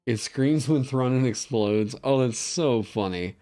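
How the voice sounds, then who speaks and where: A man chatting on a livestream in an excitable way, swearing freely and breaking into laughter. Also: medium pitch, unhurried, soft background music. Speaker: streamer designing game content. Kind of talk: casual livestream chat.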